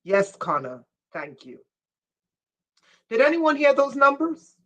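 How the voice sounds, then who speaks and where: A woman gives a live-streamed spiritual lecture at an unhurried pace. She stresses her main points by saying them again slowly and stops often to check that her viewers are following. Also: high voice, sing-song, highs cut off. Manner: emphatic, repeats key lines slowly for effect; asks listeners questions. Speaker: spiritual teacher.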